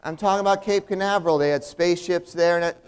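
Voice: mid-range voice, fast, a little hiss or hum. A performer playing the earnest straight man in a comedy routine, patiently explaining things with stammering restarts.

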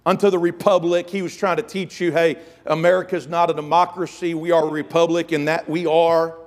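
A middle-aged pastor delivers a fervent sermon. His voice sits a little high for a man, and he keeps his listeners close with repeated calls to listen. He weaves a long anecdote into the preaching. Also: little pitch movement, fairly quick. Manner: fervent preaching, storytelling, frequent "amen" and "listen".

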